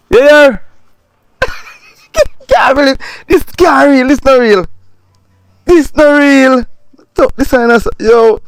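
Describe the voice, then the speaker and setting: A man acting out a cocky young Jamaican street robber, bossy and boastful with a fairly high voice. He laughs often. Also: clean tone, no room sound, heavily acted. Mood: gloating.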